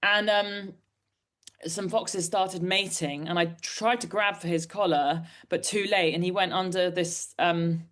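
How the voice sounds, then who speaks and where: A woman's voice: fairly low pitch, steady tone, unhurried, fairly bright tone. A woman in her forties from Britain, an author being interviewed, telling stories in a candid, rambling, self-deprecating way. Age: 40s. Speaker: author guest. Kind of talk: candid conversational storytelling.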